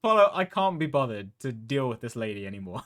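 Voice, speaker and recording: A man's voice: medium pitch, very animated, fast, a bit bright. A male streamer commenting casually on a game he plays, chatty and teasing, laughing often.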